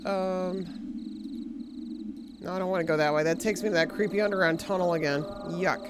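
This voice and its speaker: A woman's voice: medium pitch, lively intonation, measured pace, long pauses, noisy background. A woman live-streaming a puzzle game, chatting casually, swearing freely and thanking her viewers as she plays. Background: game music.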